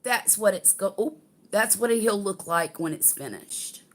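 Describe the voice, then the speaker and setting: A woman's voice: mid-range voice, expressive, a little slow. An older woman, chatting casually to livestream viewers while unboxing a craft kit.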